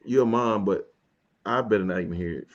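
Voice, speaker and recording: Gravelly low-voiced male talk show host. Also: brisk, highs cut off, a crowd in the background. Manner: laid-back, chuckling, steering the discussion. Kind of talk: casual panel talk show.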